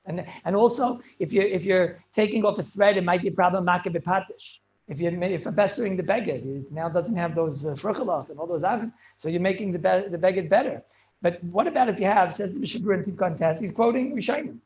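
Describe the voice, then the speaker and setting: Rabbi lecturing students, high voice, rapid and stop-start, English laced with Hebrew and Yiddish terms. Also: male voice, a little mellow, dull audio. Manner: quick, halting delivery with many restarts. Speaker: rabbi teaching a class.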